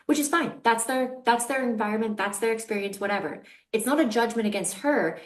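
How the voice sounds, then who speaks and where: A middle-aged woman, a dating coach hosting a podcast, talking candidly in an animated, emphatic way and laughing often. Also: on the high side. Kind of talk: candid conversational chat. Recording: echoey room.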